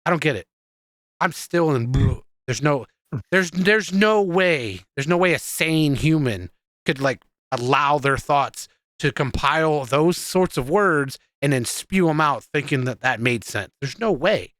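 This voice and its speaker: A man's voice: on the high side, expressive, measured pace, a bit bright, no echo, clean studio sound. A man co-hosting a casual podcast, telling stories in an exasperated, profane, rambling way with many restarts. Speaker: podcast co-host.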